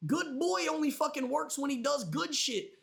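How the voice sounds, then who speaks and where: A man's voice: very high-pitched, normal speed, vocal fry, a bit bright. A man livestreaming, rambling casually and swearing a lot as he talks straight to his chat.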